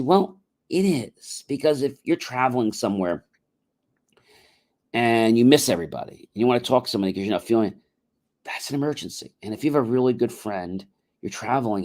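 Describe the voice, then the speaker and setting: A middle-aged man talks through a casual advice livestream at a middling pitch. He keeps it conversational and slips into both sides of imagined phone calls as he goes. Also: animated, fairly quick, darkish tone. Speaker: motivational livestream host. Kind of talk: casual spoken advice monologue.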